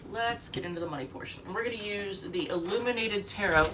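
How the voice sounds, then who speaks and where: She talks fast in a mid-range voice, a sick woman out of breath as she rambles through a tarot reading at home and reads out the card meanings. The recording is distant, with background noise.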